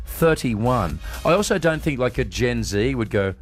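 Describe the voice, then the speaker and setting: A man's voice: medium pitch, measured pace, no room sound, soft background music. A man hosting a radio show, chatting casually and playfully with his team. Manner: playful, animated, self-mocking. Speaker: radio host.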